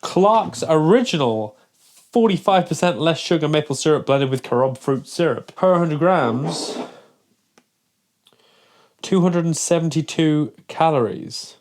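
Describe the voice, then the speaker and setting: A man's voice: a little high, expressive, a little slow. Exasperated man ranting on a vlog. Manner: exasperated, mock-outraged ranting. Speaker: fitness vlogger. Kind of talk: casual vlog talk to camera.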